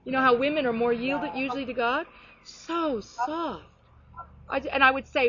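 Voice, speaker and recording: Heartfelt woman, higher voice, muffled audio. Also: moderate pace, crowd noise. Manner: heartfelt, animated storytelling, many restarts. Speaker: guest sharing ministry stories. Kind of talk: earnest conversational testimony.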